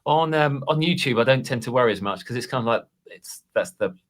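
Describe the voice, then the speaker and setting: A man chatting casually on a podcast about making course videos, self-deprecating and halting, restarting his sentences often. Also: mid-range voice, animated. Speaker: Excel course creator and guest.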